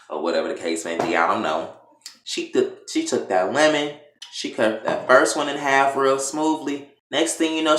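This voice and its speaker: A man casually recapping a TV episode, telling it in an animated, profane way. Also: mid-range voice, moderate pace. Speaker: TV show reviewer. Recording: echoey room.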